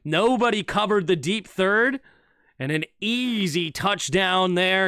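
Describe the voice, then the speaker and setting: A man's voice: sits high, clean tone, no room sound, clean studio sound. A young man streaming live fan play-by-play of an American football game, calling each snap and chatting with his viewers. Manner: animated, fast shifts between calling plays and chatting.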